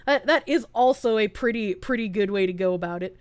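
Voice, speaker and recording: A woman streamer ranting fast and heatedly during a live stream, swearing often and breaking into laughter. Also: mid-range voice, darkish tone, clean tone, no echo.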